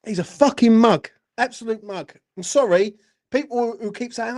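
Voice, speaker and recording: A man's voice: extremely high pitch, normal speed, darkish tone. A man, hosting a fan channel, ranting furiously after a match, swearing and repeating "do you know what I mean". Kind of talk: angry post-match rant.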